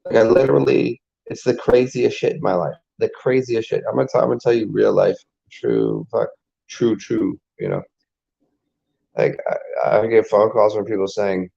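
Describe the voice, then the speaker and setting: This man's lowish voice is creaky and mellow with a breathy edge, and he talks at a moderate pace. Playing a spiritual vlogger, he delivers a profane, rambling casual monologue full of restarted sentences, captured on a dull lo-fi recording.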